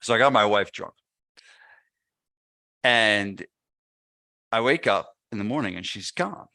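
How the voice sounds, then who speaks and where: Slow and lowish with some vocal fry, this man is a gym owner appearing as a podcast guest, spinning an anecdote and performing the quotes in it. The studio-quality recording has no echo.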